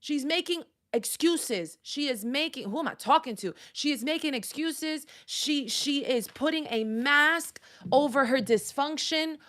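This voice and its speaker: A woman counselor speaks on a faith-based live stream, with a voice sitting a little on the high side. She talks emphatically in a preacherly way and punctuates her points with exclamations. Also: measured pace, a bit bright.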